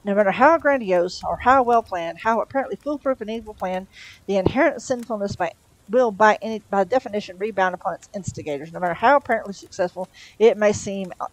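A woman's voice: mid-range voice, quick pace, no echo, natural voice, rough recording. Woman doing a prim, fussy angel. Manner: anxious, prim. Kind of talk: storybook reading.

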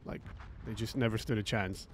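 A man's voice: on the low side, steady tone, moderate pace, noisy background. A man ranting about a tournament over gameplay, frustrated and swearing, repeating himself as he tells the story. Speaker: gaming streamer.

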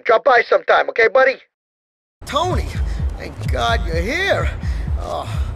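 An actor playing a sleazy, jittery small-time mobster wannabe in a video game, with a whiny, rambling, panicky way of talking. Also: male voice, high-pitched, gravelly, fairly bright tone, exaggerated voice. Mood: scheming. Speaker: game character.

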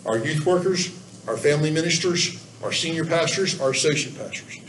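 Earnest, folksy man leading a training, voice slightly high, mic set far off with faint background noise. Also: lively intonation, a little fast, a bit bright, roomy sound. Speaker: church volunteer trainer. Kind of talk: training talk with anecdotes. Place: church room.

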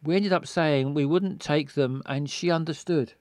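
A man's voice: a little high, normal speed, darkish tone, no echo, clean studio sound, lightly acted. A man reading the lines of a worried young woman, asking anxious questions.

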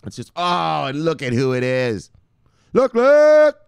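A man hosting a casual crypto news vlog, excitable and profane, with frequent laughing asides. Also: mid-range voice, moderate pace, creaky, clean tone, dry recording, lo-fi sound. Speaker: host.

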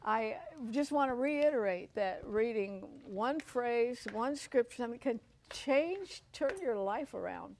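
A woman's voice: fairly high pitch, animated, a little slow, hardly any pauses, a little mellow, a little hiss or hum. An older woman hosting a Christian television talk show, chatty and earnest, often repeating herself and using fillers. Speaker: host.

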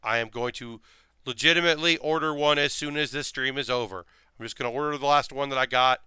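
Working on a model build during a live stream, a sleepy, yawning man chats casually, rambling, thinking aloud and muttering to himself. His medium-pitched voice is quick, bright and forceful, with a clean tone in a dry recording.

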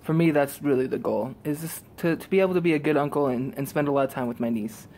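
A man recording a casual vlog outdoors in a driveway, out of breath and talking in halting, quiet, earnest phrases. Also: fairly high pitch, slight background noise. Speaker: vlogger. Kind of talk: casual vlog talk to camera.

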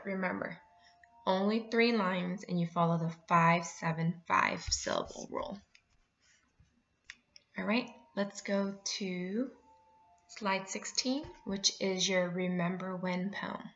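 Brief: woman teacher, low gravelly voice, patient explaining, lo-fi computer mic. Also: steady tone, fairly bright tone, soft background music. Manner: clear and instructive, reads poems aloud, slows down to explain. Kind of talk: remote lesson.

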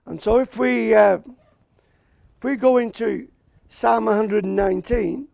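Slow, gravelly preaching man. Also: high-pitched, darkish tone, no room sound. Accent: Australian. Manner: slow and emphatic, repeats key words, asks "Amen?". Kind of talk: sermon.

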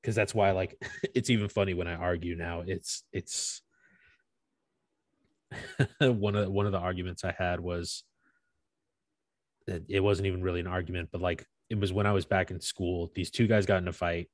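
Laid-back young man with a low voice. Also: moderate pace, long pauses, no echo, studio quality. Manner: animated storytelling, swears freely, laughs often. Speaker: podcast co-host. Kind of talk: casual chat.

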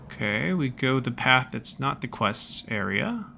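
A man casually talking through a video game he is playing, thinking out loud as he goes. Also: mid-range voice, expressive, unhurried, gravelly, noisy background. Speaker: gaming channel host. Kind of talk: casual let's-play commentary.

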